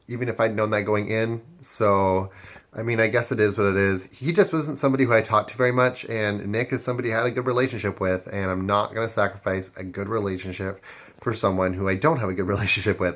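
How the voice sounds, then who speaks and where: A man's voice: lowish voice, fairly bright tone. A man talking casually in a confessional about his moves in a game, with frequent fillers. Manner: casual, filler-heavy talk. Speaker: game player.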